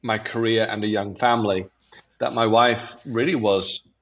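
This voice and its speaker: English pastor telling stories. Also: male voice, on the low side, fairly even intonation, normal speed, a bit bright. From England. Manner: self-deprecating, anecdotal storytelling. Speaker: pastor and podcast guest. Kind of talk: casual podcast conversation. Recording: slightly dull lo-fi audio.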